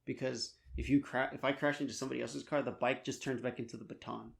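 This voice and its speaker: A man's voice: mid-range voice, steady tone, quick pace, vocal fry. A man in his twenties co-hosting a podcast, laid-back and swearing freely. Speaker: podcast co-host. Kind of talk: casual chat.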